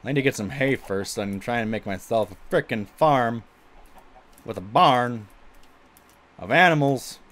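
A man's voice: medium pitch, measured pace, pauses often, a bit bright. A male streamer chatting casually while he plays a game, exclaiming at it and saying he gets stuck in a put-on voice. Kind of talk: casual gameplay chat.

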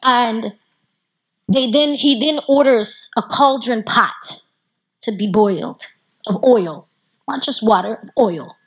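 A Southern American woman tells a religious story to a gathered audience, high-pitched and a little husky. She keeps it lively and chatty, checking in with her listeners as she goes. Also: slow, poor audio. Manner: animated, conversational, draws the audience in. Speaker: Islamic lecturer. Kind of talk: storytelling sermon to a live audience. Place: community center talk.

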